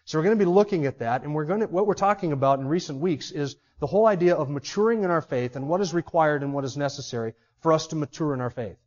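Male pastor, high voice, emphatic sermon delivery with rhetorical questions; muffled lo-fi church recording. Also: fast, few pauses, a little mellow.

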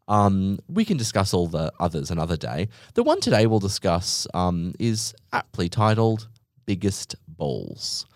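A man's voice: sits low, big pitch swings, measured pace, no room sound, studio quality. A young man hosting a podcast, ranting comically with sarcasm, exaggeration and swearing. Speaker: podcast host. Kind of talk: comedic monologue rant.

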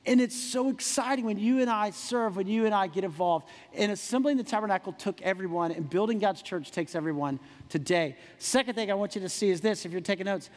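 High-voiced man preaching in an echoey hall. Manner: animated preaching with quick asides and rhetorical questions. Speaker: pastor. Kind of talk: sermon.

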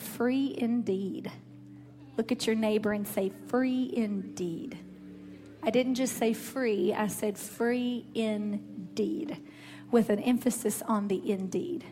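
A woman preacher opens with prayer and then delivers a sermon to her church, speaking in a fervent, declarative cadence. Her voice is fairly high with a darkish tone, and the church sanctuary gives long reverb, as in a large hall, with music present.

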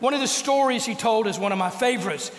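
High-voiced older preacher in an echoey hall. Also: male voice. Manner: storytelling preacher, slows and drops to a hush for emphasis. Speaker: pastor. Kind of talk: sermon. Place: church sanctuary.

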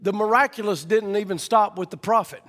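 High-pitched fervent preacher, echoing hall. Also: male voice, a little fast. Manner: builds to fervent shouting. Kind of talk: sermon.

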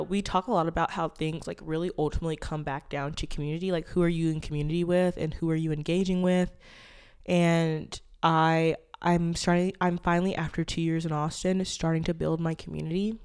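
A woman's voice: sits low, clear, resonant tone. A young woman in her twenties hosting a casual solo podcast, talking candidly and rambling with lots of fillers and swearing. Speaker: podcast host.

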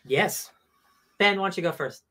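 A man's voice: high voice, normal speed, sharp tone. A man co-hosting a podcast, talking casually and eagerly, often repeating words as he goes. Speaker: podcast co-host. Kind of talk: casual review chat.

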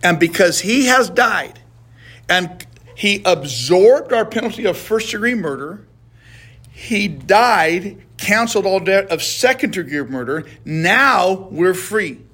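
A man's voice: sits high, lively intonation, slow pace, sharp tone, husky. A middle-aged man leading a casual Bible study, earnest and heartfelt, often stumbling and repeating words as he talks.

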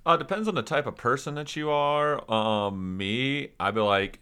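A man's voice: mid-range voice, moderate pace, sharp tone, clear, resonant tone. A man co-hosting a casual chat, teasing his friend and laughing along. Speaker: podcast co-host.

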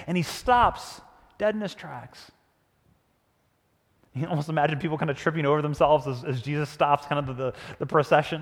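A male pastor delivers a sermon in a slightly high voice. He tells the story with animation and often falls to a hush. A long reverb fills the church hall around him. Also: fairly even intonation, brisk.

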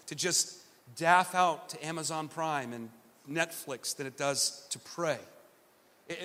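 High, bright-voiced man preaching in a hall. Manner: earnest and self-deprecating, with frequent stammered restarts. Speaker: pastor. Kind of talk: sermon.

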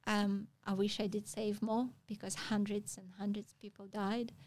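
A woman's voice: mid-range voice, flat delivery, darkish tone, no echo. Woman telling a story. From Russia. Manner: halting non-native phrasing with frequent pauses. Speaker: guest. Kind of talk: casual storytelling interview.

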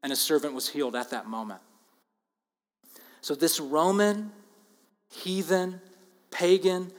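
A man with a somewhat high voice delivers an earnest expository sermon. He leans hard on key words and then drops to quiet asides. His voice carries a long reverb, as if from a large hall or sanctuary. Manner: earnest, emphatic, swings between loud stress and quiet asides. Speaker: preacher.

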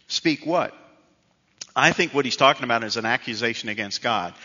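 Middle-aged male pastor, bright voice, easygoing storytelling sermon, dull hall recording. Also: medium pitch, lively intonation, moderate pace. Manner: conversational storytelling preacher, self-deprecating. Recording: dull reverberant hall sound.

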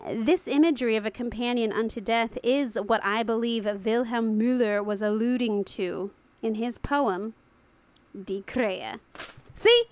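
Woman host, somewhat high pitch, playful and giggly, casual music talk. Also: slow. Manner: playful, laughs often. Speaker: podcast host.

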